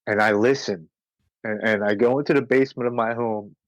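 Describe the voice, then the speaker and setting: Low-voiced guy telling his recovery story, earnest, dead dry room. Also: steady tone, no room sound, rough recording. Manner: earnest, slows down on heavy moments. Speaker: podcast guest.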